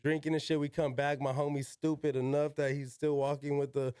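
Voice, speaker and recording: A man's voice: fairly high pitch, level tone, a little fast, dark tone, smooth, no echo, clean studio sound. A young man, a podcast guest, telling a casual story in slangy talk full of "yo", "like" and swearing. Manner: slangy, peppered with "yo" and "like", swears freely.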